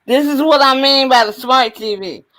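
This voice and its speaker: A woman joining a casual call-in stream, chatty and animated, breaking in with exclamations. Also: high voice, moderate pace.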